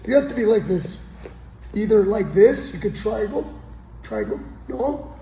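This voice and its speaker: A man's voice: high voice, very animated, unhurried, a crowd in the background. A man coaching grappling as he demonstrates a technique on the mats, often checking in with his partner as he goes. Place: training gym on the mats. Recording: echoey gym with long reverb.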